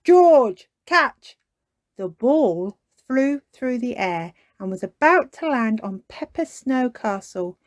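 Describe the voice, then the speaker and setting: Storybook narrator, woman, gentle and unhurried, lively pitch, dry close mic. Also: no echo. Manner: soft, slow, expressive storybook reading. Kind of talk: reading a picture book aloud.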